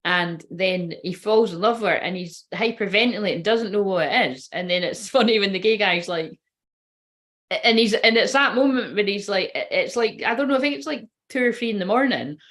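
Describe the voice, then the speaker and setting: A woman's voice: mid-range voice, a little fast, fairly bright tone. A woman who works as a spiritual reader, chatting casually on a livestream, rambling, giggling and swearing freely.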